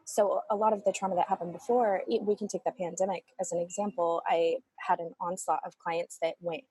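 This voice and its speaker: An earnest woman therapist explains her work in a lively, reflective way, often restarting phrases as she thinks. Her voice sits a little low for a woman. The sound is close and dry, with almost no room echo. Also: brisk, husky. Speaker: family constellation therapist. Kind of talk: conversational interview.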